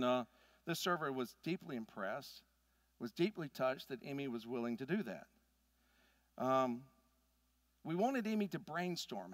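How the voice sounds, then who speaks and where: Middle-aged preacher man, kinda high voice, chatty storytelling sermon, dry close sound. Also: fairly bright tone, dry recording. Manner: conversational storytelling, rising emphasis. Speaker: pastor. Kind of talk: sermon with personal stories.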